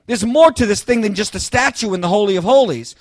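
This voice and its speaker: A man's voice: sits high, no room sound. Emphatic preacher man, dry close sound. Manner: emphatic, rising to loud bursts on key phrases; halting restarts, addresses listeners directly. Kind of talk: sermon.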